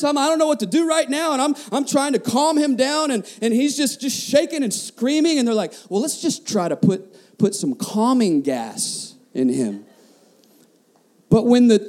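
A man's voice: very high voice, darkish tone. A man preaching a sermon as a pastor, passionate, often repeating words and asking the congregation questions.

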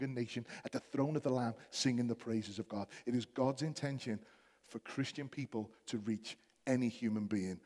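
A man's voice: mid-range voice, a little mellow, long reverb tail. A man with a Liverpool accent preaching a sermon to his church, building to emphatic, passionate exhortation. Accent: Liverpool (Scouse). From Liverpool, England. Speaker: pastor. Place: church hall.

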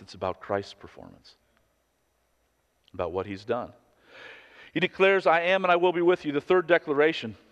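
A man's voice: mid-range voice, a bit bright. Male pastor, thirties, earnest conversational sermon, long hall echo. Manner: earnest, conversational preaching with personal stories.

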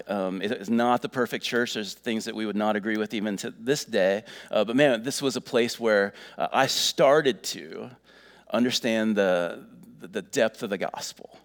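A man's voice: on the low side, moderate pace. A middle-aged man preaching a sermon in a folksy, earnest way, full of fillers. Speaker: pastor.

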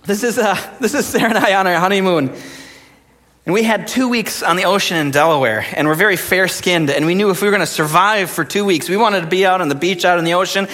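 A young adult male pastor with a high voice preaches a sermon fast, and long hall reverb fills the recording. He's an animated, jokey storyteller who acts out the quotes in his stories.

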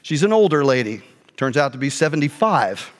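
A middle-aged male pastor telling a personal story in a sermon, animated, jumping between quiet asides and loud outbursts. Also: medium pitch, fairly quick. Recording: long hall reverb.

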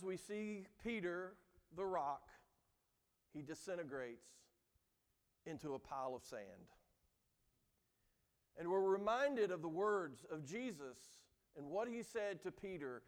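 A man's voice: high voice, animated, a little slow, pauses often. A man preaching a sermon as pastor, earnest and emphatic, recorded in a church. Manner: earnest preaching, acts out quoted lines with rising emphasis. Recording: long hall reverb.

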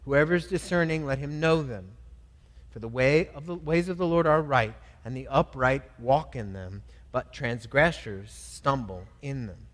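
A male pastor preaching an earnest sermon, rising loud on pleas and dropping soft on scripture. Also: medium pitch, a little slow, long reverb tail.

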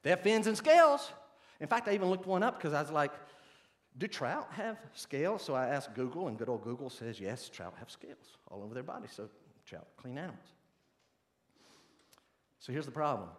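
Animated preacher man, fairly high voice. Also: normal speed, pauses often. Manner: animated, folksy, conversational preaching with rising emphasis. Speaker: pastor. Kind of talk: sermon.

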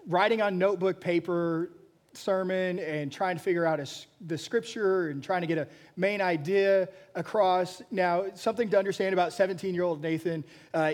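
A pastor preaching a sermon, telling a story with frequent restarts and repeated words. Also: male voice, high voice.

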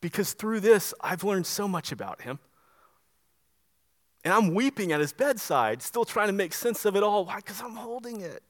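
A man with a high voice preaches a sermon. He talks to the congregation conversationally but hits his points with emphasis and keeps asking rhetorical questions. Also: expressive, normal speed. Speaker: pastor.

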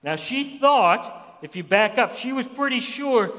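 A male pastor preaching a sermon who acts out Bible voices with sudden jumps in pitch. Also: lively intonation, unhurried, fairly bright tone. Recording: long hall reverb.

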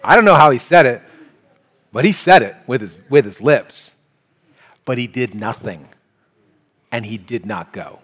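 A man preaching a sermon as pastor, talking in a conversational, animated way. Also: medium pitch, a little slow, long pauses. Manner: conversational, animated, shifts into quoted voices. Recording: long hall reverb, faint music.

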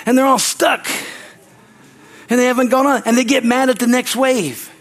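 A man's voice: very high-pitched, steady tone, normal speed, fairly bright tone. An older man in his sixties preaching a sermon as pastor, folksy and repetitive, tossing "Amen?" to the congregation. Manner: folksy, tells anecdotes with laughter.

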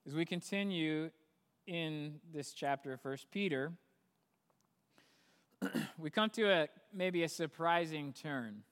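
A man's voice: a little high, expressive, slow pace, long pauses, fairly bright tone, clean tone. A man preaching a sermon as pastor, talking conversationally and building to emphatic peaks. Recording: long hall reverb.

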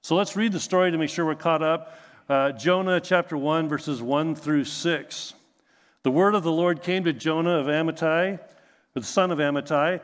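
A man's voice: on the high side, fairly even intonation, moderate pace, in a large hall. Humorous male pastor preaching. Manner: conversational, humorous, asks rhetorical questions. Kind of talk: sermon.

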